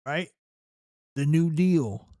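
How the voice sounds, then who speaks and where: A man's voice: a little high, expressive, drawn-out words, warm tone, dry recording, clean studio sound. A man hosting a political reaction commentary, talking emphatically and often checking in with "right?". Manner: emphatic, keeps asking "right?".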